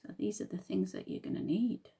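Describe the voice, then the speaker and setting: A woman teacher reading a picture book aloud to young children, slow and patient, sounding out words. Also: mid-range voice, fairly even intonation, gravelly, mellow, breathy edge.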